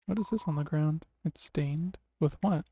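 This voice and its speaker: A man streaming a game live, making relaxed, rambling commentary with wry, sarcastic asides. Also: fairly high pitch, moderate pace, slight background noise. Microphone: desk mic on a streaming setup.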